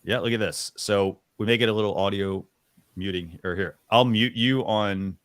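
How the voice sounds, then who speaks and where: Chatty low-voiced male show host. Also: moderate pace, a bit bright, no echo, studio quality. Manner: chatty, rambling with many fillers and restarts. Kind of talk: casual live demo on a talk show.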